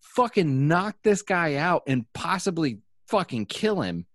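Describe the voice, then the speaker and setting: A man's voice: on the high side, sing-song, a little slow, fairly bright tone, dry recording, studio quality. A man in casual chat, telling a rambling, profane story full of fillers.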